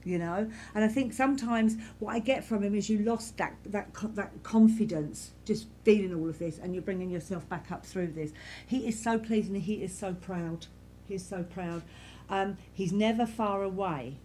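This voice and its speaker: A woman serving as a spiritualist medium, speaking softly and reassuringly to a congregation in a church, repeating herself often. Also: mid-range voice, moderate pace, a little hiss or hum. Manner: gentle, reassuring, repetitive, many "you know"s. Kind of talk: giving spirit messages to a congregation.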